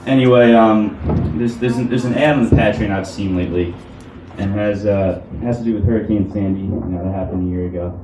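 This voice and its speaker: A young man from the New doing a stand-up set in a comedy club, deadpan and halting, with many ums and restarts. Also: fairly low pitch. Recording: roomy club audio from a distant mic with room noise.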